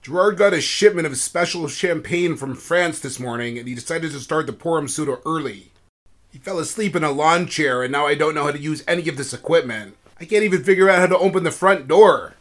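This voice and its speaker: A man's voice: fairly high pitch, brisk, fairly bright tone. A man playing a snooty spoiled rich boy. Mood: whiny.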